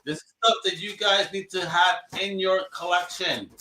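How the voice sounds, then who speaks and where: A man co-hosting a live show, chatting excitably in slang while selling comic books. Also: high voice, moderate pace, reverberant, slight background noise. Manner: excitable, slangy, says "bro" and "yo". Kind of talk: casual live show chat.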